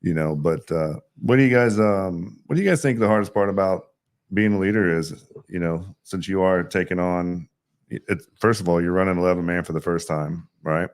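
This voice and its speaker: A low-voiced man chatting casually as a coach and host. He talks loosely and conversationally and often tags his points with "right?". His voice sits deep in his range. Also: moderate pace. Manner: conversational, asks leading questions with frequent "right?". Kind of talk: casual interview chat.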